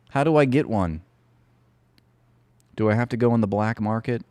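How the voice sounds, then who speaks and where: A man's voice: lowish voice, normal speed, long pauses, darkish tone, no room sound. A man hosting a live reaction stream, talking in a sarcastic, profane and rambling way.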